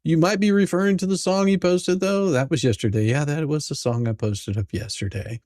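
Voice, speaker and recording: A man's voice: fairly high pitch, fairly even intonation, brisk, a little mellow, no echo, clean studio sound. A middle-aged man hosting a live stream, casually greeting chatters by name and chuckling often. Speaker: livestream host.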